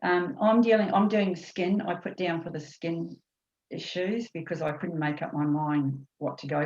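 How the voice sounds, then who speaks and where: A New Zealand woman with a low voice talks in a chatty, rambling way, piling on fillers and restarts. Her sound comes through an echoey room and muffled video-call audio. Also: darkish tone. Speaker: course participant. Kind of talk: casual video-call chat.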